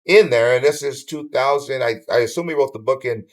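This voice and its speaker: A man's voice: medium pitch, a little fast. An older man from Southern California, a podcast guest telling a long story in casual chat, swearing freely and acting out what others said. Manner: animated storyteller who swears casually and acts out others' lines.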